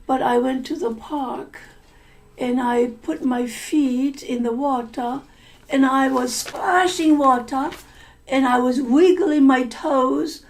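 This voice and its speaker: A woman's voice: high voice, slow. A woman voicing a remorseful young girl who earnestly apologizes to her mother while telling a story to language learners. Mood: pleading.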